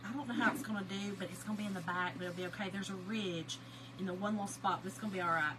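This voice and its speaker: A middle-aged woman, chatting and telling animated family stories to viewers while she crafts on a livestream. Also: medium pitch, racing, background noise. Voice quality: lively, animated storyteller, greets chat viewers by name.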